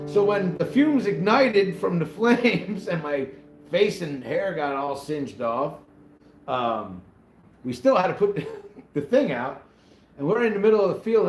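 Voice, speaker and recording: A man's voice: fairly high pitch, expressive, a little slow, pauses often. Chatty man telling a livestream story. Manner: chatty, laughs through his story, greets viewers by name. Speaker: vanlife channel host. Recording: roomy echo with loud guitar music.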